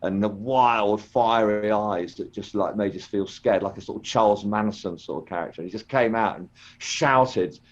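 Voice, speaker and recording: Older male guest, low pitch, dull lo-fi audio, halting storyteller. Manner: rambling, hesitant, many ums and restarts. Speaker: interview guest, former children's TV actor. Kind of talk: casual storytelling interview.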